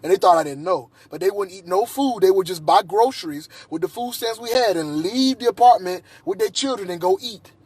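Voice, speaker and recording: Man, high husky voice, heated ranting monologue with restarts. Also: lively intonation, fairly quick, few pauses, darkish tone, no echo. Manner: agitated, repetitive, restarts often. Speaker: vlogger.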